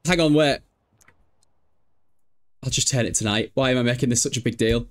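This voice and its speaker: A young man casually commenting on a life-sim game, laughing often and yelling at the characters. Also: mid-range voice, normal speed, pauses often. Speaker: streamer. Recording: faint music behind.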